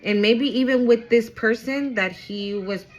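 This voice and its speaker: A woman's voice: a little high, soft background music, low-quality recording. A woman giving a casual spiritual reading straight to her viewers, emphatic and chatty, with casual swearing. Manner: excitable, quick swings in loudness. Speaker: intuitive card reader.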